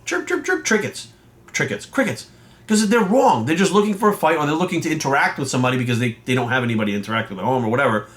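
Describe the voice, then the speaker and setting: A man's voice: mid-range voice, very fast, fairly bright tone. A man who coaches and judges bodybuilding, delivering a heated, profane, confrontational rant to his viewers. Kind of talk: profane ranting vlog monologue.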